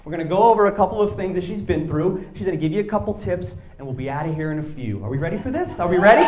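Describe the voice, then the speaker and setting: A male comedian performing live stand-up on stage, animated, dropping to low asides and then shouting punchlines. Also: very fast, hardly any pauses, reverberant, over music, crowd noise. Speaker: stand-up comedian and show host. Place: live stage before an audience.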